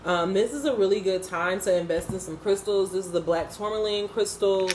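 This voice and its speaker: A woman's voice: medium pitch, brisk, roomy sound, heavy background noise. A woman giving unscripted, casual commentary on a TV episode, blunt, profane and impassioned. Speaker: TV episode reviewer.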